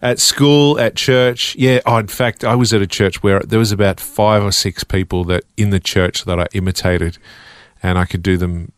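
A man's voice: fairly low pitch, steady tone, moderate pace, clear, resonant tone, dry recording. A man, a comedian chatting casually in an interview. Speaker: impersonator and comedian.

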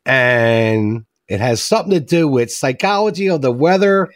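A man's voice: mid-range voice, moderate pace, no echo, clean studio sound. A man co-hosting a talk radio show, chatting casually with his co-host. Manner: animated storyteller, acts out voices in jokes. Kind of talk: casual radio chat and joke telling.

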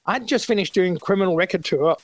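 Older aussie guest musician, fast, high-pitched, rambling restarts, dry sound. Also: male voice, dry recording, highs cut off. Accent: Australian. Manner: eager, rambling, many restarts. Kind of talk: radio interview chat.

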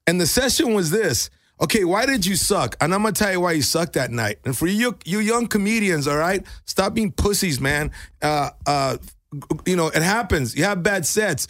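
A man's voice: sits high, moderate pace, no echo. A middle-aged male comedian and coach telling stories in a casual podcast chat, swearing freely and calling people bro. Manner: animated storyteller, swears and says bro.

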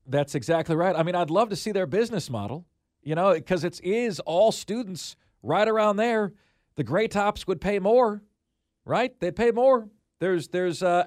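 A man hosting a sports talk radio show in a studio, talking in animated, self-deprecating banter. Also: high-pitched, dry recording. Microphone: studio microphone.

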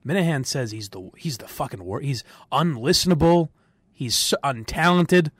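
A man's voice: medium pitch, normal speed, slightly rough, no echo, studio quality. A man hosting a sports radio podcast, chatting casually with strong opinions, rambling and laughing often. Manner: rambling, animated, laughs often, restarts sentences.

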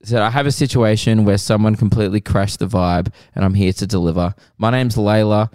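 A man co-hosting a podcast, reading listener messages aloud in a relaxed way with sighs and laughs. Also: fairly low pitch, brisk, smooth, dry recording, clean studio sound. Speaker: podcast co-host.

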